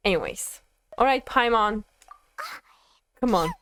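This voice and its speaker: A woman's voice: medium pitch, lively intonation, unhurried, a bit bright, no room sound. A young woman streaming a game and reacting, giggling, flustered and gushing in casual commentary.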